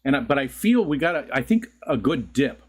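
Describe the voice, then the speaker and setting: A man's voice: mid-range voice, big pitch swings, brisk, a little hiss or hum. A man hosting a casual home livestream, chatting to his viewers in a loose, rambling way and laughing often. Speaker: livestream host. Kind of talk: casual chat to live viewers. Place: home room.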